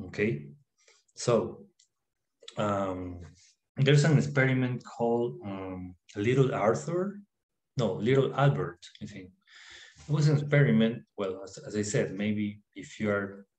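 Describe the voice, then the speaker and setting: Guy w/ a low voice rambling thru a self-help lesson, stops and restarts a lot, echoey room at home. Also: a little mellow. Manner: halting, with many "uh"s and restarts. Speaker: self-help video presenter. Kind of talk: informal talk to camera, reading a text aloud. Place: his apartment. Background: dog barking, fireworks and freeway traffic outside.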